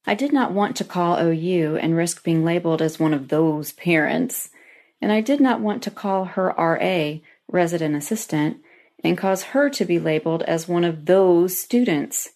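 A woman's voice: on the low side, moderate pace, darkish tone. A middle-aged woman reading a personal story aloud in an earnest, heartfelt way, as a lodge member.

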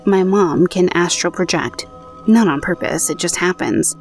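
A woman with a fairly low voice hosts a spooky podcast, reading listeners' paranormal stories into a booth mic. She moves between steady reading and chatty, self-mocking asides. Soft music sits faintly underneath. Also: a little slow. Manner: conversational, self-deprecating asides. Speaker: podcast host. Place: home recording booth.

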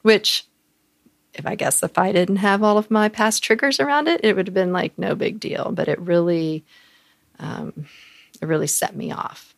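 A woman podcast co-host, telling a candid personal story, animated and full of fillers, acting out the voices of people she quotes. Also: mid-range voice, normal speed, gravelly, no room sound.

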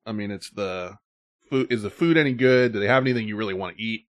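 A man's voice: fairly low pitch, quick pace. A man hosting a casual chat, telling stories animatedly and laughing often.

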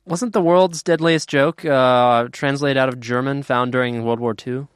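A man's voice: mid-range voice, fairly even intonation, moderate pace, clean tone, no room sound. A man co-hosting a podcast, adding brief, dry interjections in casual chat. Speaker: podcast co-host.

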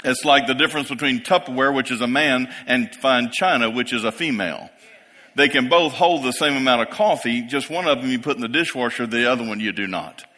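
A man's voice: mid-range voice, brisk, pushed and bright. A man in his fifties preaching a sermon to a congregation in a church, building to emphatic peaks and checking in with the listeners. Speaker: pastor. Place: church sanctuary. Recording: long reverb of a large hall.

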